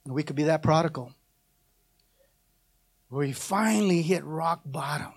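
High-voiced preacher, shouting and singing. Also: male voice, moderate pace, husky. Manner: preaches with call-and-response, rising to shouted, sung cries. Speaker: pastor. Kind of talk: sermon.

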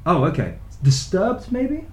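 A man in his thirties co-hosting a casual book chat, playful and quick to laugh, trailing off with fillers. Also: high-pitched, wildly swooping pitch, roomy sound. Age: 30s. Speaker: podcast co-host.

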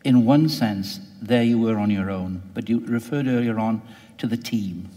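A man's voice: lowish voice, normal speed, dark tone. Reflective male interviewer in a reverberant space. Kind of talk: thoughtful radio interview.

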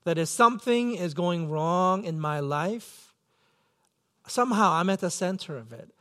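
A man's voice: sits high, animated, a little slow, pushed and bright. A man preaching a sermon as pastor, earnest and self-questioning, acting out his own pleading thoughts.

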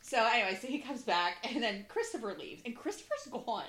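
A woman in her thirties tells a story to a friend, swearing freely and acting out everyone in it. Her voice sits a little high and swings widely in pitch. The room around her sounds echoey. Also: a little fast. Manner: animated, profane, acts out voices in her stories. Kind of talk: casual storytelling chat.

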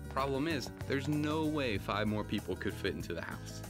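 Brief: a man faking a playful American narrator for a children's video, very animated delivery, music bed. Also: mid-range voice, moderate pace, natural voice. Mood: upbeat. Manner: lively, playful storytelling to children. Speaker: kids' story video narrator. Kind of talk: children's Bible story narration. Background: background music.

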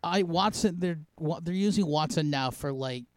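A man's voice: fairly high pitch, moderate pace, no room sound. Stammering podcast guy. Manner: stammering restarts. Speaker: podcast co-host. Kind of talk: casual comedy banter.

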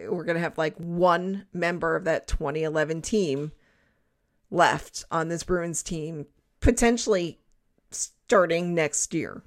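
A woman in her forties, co-hosting a casual sports podcast, chatty with laughing asides. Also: on the low side. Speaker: podcast co-host. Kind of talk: casual chat.

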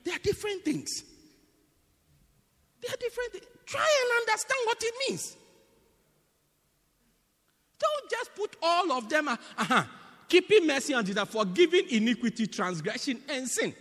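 Preaching a teaching sermon, a man with a very high, lively voice lets his pitch leap around, his tone bright and sharp, at a moderate pace with long pauses. He keeps asking the congregation "do you get it?" and swings between loud bursts and quiet asides. A church hall's long reverb trails each phrase.

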